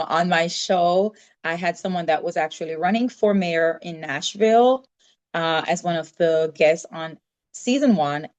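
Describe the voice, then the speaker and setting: A Jamaican woman telling stories as a guest in an interview, lively and acting out what people said. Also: lowish voice. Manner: lively storytelling, acts out quoted dialogue. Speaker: podcast guest. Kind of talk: casual interview chat.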